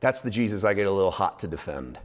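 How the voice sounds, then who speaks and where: Impassioned low-voiced male preacher. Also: animated, fast. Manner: impassioned, swings from low intimate to loud shouting. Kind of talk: sermon.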